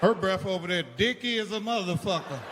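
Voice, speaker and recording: High-voiced man doing stand-up. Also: brisk. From United States. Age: older. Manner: loud, animated storytelling with crude slang. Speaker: stand-up comedian. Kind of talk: stand-up comedy routine. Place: comedy club stage with a laughing audience. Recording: live stage in a large hall, loud crowd noise.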